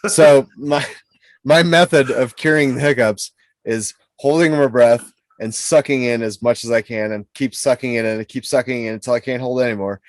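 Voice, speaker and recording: A man co-hosting a casual podcast, talking in a relaxed drawl. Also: medium pitch, moderate pace, dry recording. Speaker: podcast co-host. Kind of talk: casual chat.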